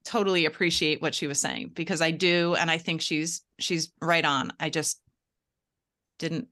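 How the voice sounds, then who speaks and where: A woman's voice: deep voice, fairly even intonation, normal speed, pushed and bright. A woman on a podcast speaking candidly and hesitantly about a book. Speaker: podcast panelist. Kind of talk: casual podcast book discussion.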